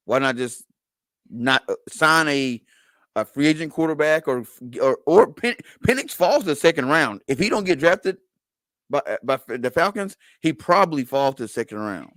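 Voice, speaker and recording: A man joins a casual sports podcast over a remote call, speaking at an ordinary pitch. The sound is dry and close, and he rambles and swears as he talks. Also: no echo, poor audio. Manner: animated, rambling, profane. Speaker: podcast co-host.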